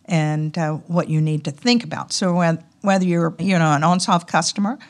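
A woman's voice: on the low side, normal speed. A woman with a Southern US accent, chatting as a podcast guest in an easy, upbeat way with frequent ums and uhs. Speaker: podcast guest, company executive. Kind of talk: casual interview talk.

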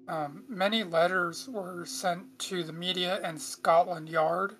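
A woman's voice: fairly low pitch, steady tone, slow, fairly bright tone. A woman casually hosting a true-crime podcast, chatty with frequent asides. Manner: chatty, reads aloud with frequent asides and throat clearing. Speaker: podcast host.

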